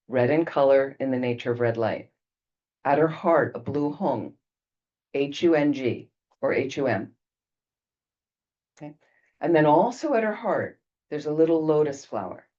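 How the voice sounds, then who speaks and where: A Buddhist retreat teacher guides a group through a detailed visualization, frequently checking in with "okay" along the way. The voice is medium in pitch and a bit mellow, captured in a dull, lo-fi recording.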